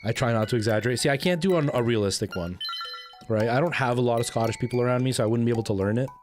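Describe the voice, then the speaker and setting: A rambling, chatty man talks his way through a game livestream at an everyday middle pitch. He restarts his sentences often and bursts out when the game surprises him. Faint music plays underneath. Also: very fast. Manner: rambling, chatty, with frequent restarts and excited outbursts. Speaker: game streamer. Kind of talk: casual livestream chat while playing.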